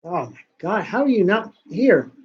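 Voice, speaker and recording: A man's voice: high-pitched, very animated, moderate pace, husky. A man hosting a casual talk show, ranting and rambling with lots of swearing. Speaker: podcast host. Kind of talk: casual rant. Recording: dull lo-fi sound.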